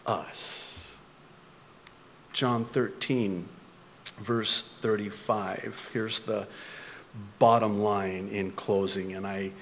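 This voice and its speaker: A man's voice: lowish voice, long reverb tail. A male pastor preaching a sermon, full of rhetorical questions and self-mocking humor.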